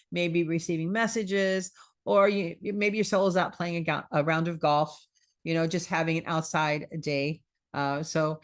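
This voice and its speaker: A woman hosting a spiritual wellness talk, chatting casually, repeating phrases and acting out quoted self-talk. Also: fairly low pitch.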